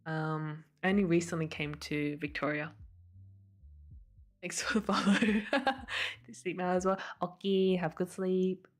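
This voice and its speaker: A woman from Sydney hosts a laid-back livestream. Her voice sits on the lower side, and she greets each viewer in a friendly way between stretches of reading a story aloud. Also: fairly even intonation, measured pace. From Sydney, Australia. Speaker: livestream host.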